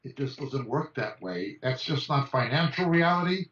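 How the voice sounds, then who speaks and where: A man's voice: medium pitch, expressive, normal speed, a bit bright, a little hiss or hum. A man giving an impassioned message as a Bible teacher over a video call, talking emphatically and rattling off lists of names. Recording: echoey, distant, dull video-call audio.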